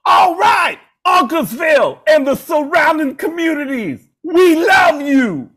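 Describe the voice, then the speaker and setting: A man doing a shouting rock frontman. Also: extremely high pitch, sing-song, a little slow, a faint crowd, voice pushed up, full character voice. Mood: hyped shouting. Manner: shouted, stretched-out arena announcer delivery. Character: male rock frontman yelling brash stage banter.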